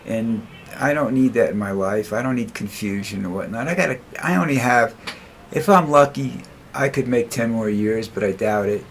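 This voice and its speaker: An older man vlogging in a rambling, halting, blunt way, who tires easily. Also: medium pitch, slight background noise. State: tires easily, dizzy after walking. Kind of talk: casual monologue.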